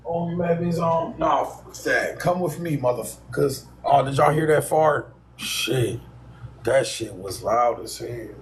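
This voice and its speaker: A man hosting a livestream, talking in a blunt, profane, animated rant. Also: mid-range voice, measured pace, a little hiss or hum. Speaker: livestream host. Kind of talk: casual ranting livestream.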